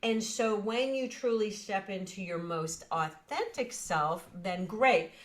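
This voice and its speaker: A woman's voice: medium pitch, lively intonation, slow pace. A woman hosting an interview, guiding the chat and affirming her guest often. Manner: affirming, frequent short acknowledgements. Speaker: interview host. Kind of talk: conversational interview.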